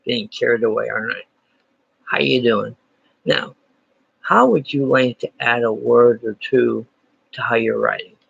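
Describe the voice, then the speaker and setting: A man's voice: mid-range voice, a little slow, creaky, pauses often, fairly bright tone, breathy edge. A man teaching a playful lesson, full of jokey, self-deprecating asides. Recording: dry, dull lo-fi sound.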